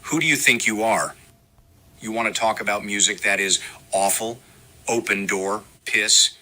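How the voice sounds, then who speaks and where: A man's voice: fairly low pitch, measured pace, pushed and bright. A man doing a comedy impression of a rock singer who rants and scolds in mock outrage. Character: rock singer ranting at a podcast guest.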